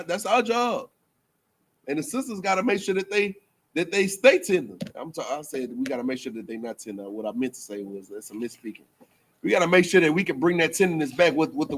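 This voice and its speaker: A man preaching in casual banter, joking and laughing often, repeating himself and restarting mid-phrase. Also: on the high side. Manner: loose, joking, laughs often, trails off into fillers. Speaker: teacher at a religious school.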